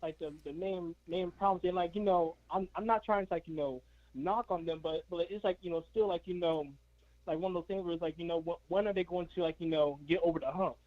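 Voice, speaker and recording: High-voiced caller, stammering, dull call audio. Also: male voice, steady tone, brisk, no echo. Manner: stammering, many fillers. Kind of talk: casual sports chat.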